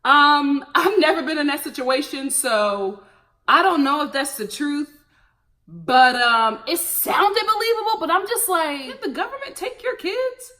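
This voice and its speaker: A woman recapping a reality show in a casual, gossipy, animated way, laughing often and using slang. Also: high voice, a little slow.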